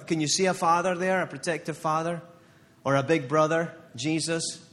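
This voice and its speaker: Guy preaching a sermon, gets fired up, keeps hammering the same lines, kinda high voice. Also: big-room sound. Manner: impassioned, building to fired-up declarations; emphatic repetition of phrases. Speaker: pastor.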